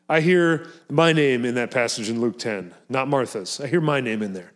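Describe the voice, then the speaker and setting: A man's voice: mid-range voice, moderate pace, few pauses, fairly bright tone. Earnest, emphatic preacher man. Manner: earnest and emphatic, with frequent repeats. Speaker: pastor. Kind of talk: sermon.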